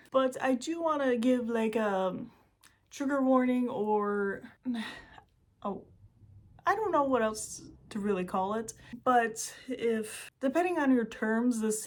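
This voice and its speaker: Young woman, American accent, casual storytelling host, giggly, rambling asides, mid-pitched voice.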